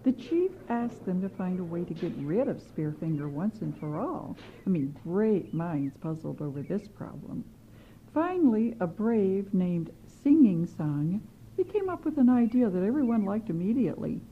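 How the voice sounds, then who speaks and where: A woman telling a children's story in an animated way, with chatty asides to the kids. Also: medium pitch, moderate pace. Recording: slightly muffled with faint hiss.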